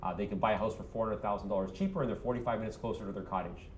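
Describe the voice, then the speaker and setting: A man's voice: fairly low pitch, steady tone, very fast, echoey room, a little hiss or hum. A man coaching a room of real estate agents, punchy and quizzing them with "yes or no?".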